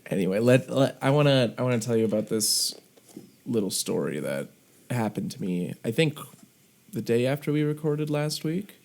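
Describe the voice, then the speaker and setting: A man's voice: medium pitch, expressive, normal speed, gravelly, darkish tone. A man co-hosting a podcast, telling a story in a chatty, casual way from his own remote setup. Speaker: podcast co-host. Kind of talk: casual chat.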